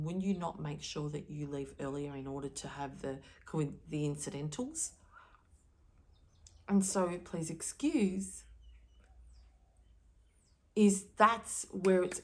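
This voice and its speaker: Woman, low voice, earnest and emphatic, spiritual card reader speaking to camera. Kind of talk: direct-to-camera spiritual message.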